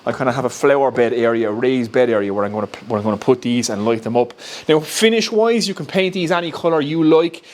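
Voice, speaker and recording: A man's voice: mid-range voice, lively intonation, quick pace, hardly any pauses, darkish tone. A man with an Irish accent casually talking through a woodworking build step by step, recorded in his home workshop. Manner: chatty, explains step by step, laughs at himself. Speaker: woodworking YouTuber.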